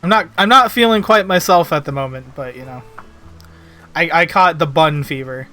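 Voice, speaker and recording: A man's voice: on the high side, moderate pace, bright, forceful tone, soft background music. A man streaming a video game, riffing in a joking, rambling way full of slang and fillers. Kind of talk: casual gaming stream commentary.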